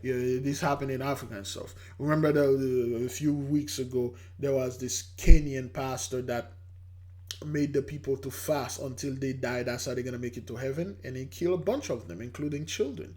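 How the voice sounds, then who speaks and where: Here a religious channel host with a mid-range voice talks at a moderate pace, reacting to a news clip in a casual, emphatic way. He gets animated and mimics the voices he quotes.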